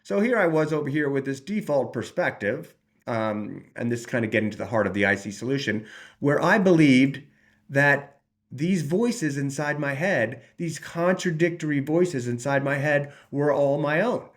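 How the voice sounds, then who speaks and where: A man's voice: mid-range voice, moderate pace. A man, a recovery channel host, talks earnestly about his path out of addiction, rambling with frequent restarts and acting out his own thoughts in voices. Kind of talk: personal recovery talk.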